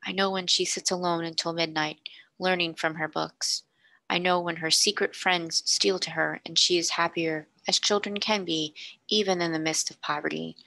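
A woman's voice: on the low side, creaky, bright, forceful tone, dry recording. Woman whispering as a devoted male servant. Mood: hushed earnest. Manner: whispering, solemn and formal.

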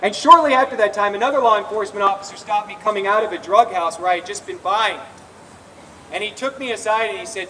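A man's voice: high-pitched, fast, pushed and bright, slight background noise. A man giving an earnest, confessional personal testimony at an outdoor rally, often restarting his sentences. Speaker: speaker at a recovery rally. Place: outdoor rally in a public square. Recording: distant outdoor recording with faint ambience.

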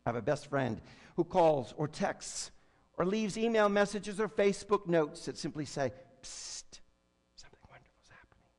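A man preaching a sermon as pastor, building to loud emphatic lines and then dropping to soft, quiet tones. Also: fairly high pitch. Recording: long hall reverb with faint hum.

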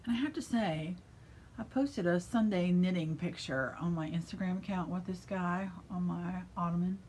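A middle-aged American woman who owns a yarn shop, chatting casually and enthusiastically about knitting in her shop, gushing with breathy asides. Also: fairly low pitch, moderate pace, a little mellow, a little hiss or hum. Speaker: yarn shop owner and vlogger.

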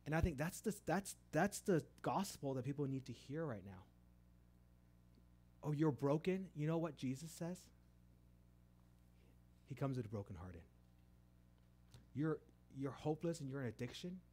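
A middle-aged man preaches a sermon in a mid-pitched voice. He tells a story with frequent restarts. His voice swells loud on key words, then sinks to a hush. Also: moderate pace, long pauses, slightly rough. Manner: lively storytelling with many restarts, rising loud for emphasis and dropping soft.

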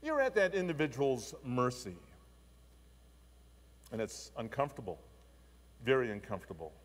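A male pastor giving a sermon, telling a story in an expressive, animated way. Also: medium pitch, moderate pace. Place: church. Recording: long church reverb.

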